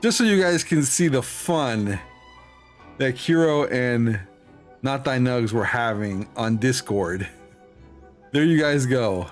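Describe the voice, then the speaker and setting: A man's voice: medium pitch, expressive, takes it slowly, pauses often, faint music behind. A man with a Hispanic accent giving casual, laughing commentary while streaming a game. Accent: Hispanic-accented English. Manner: laid-back, laughing, rambling.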